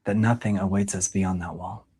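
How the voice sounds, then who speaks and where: Male acting coach, low husky voice, talky, demonstrates each line reading. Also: fairly even intonation, normal speed, mellow. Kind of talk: coaching a young actor.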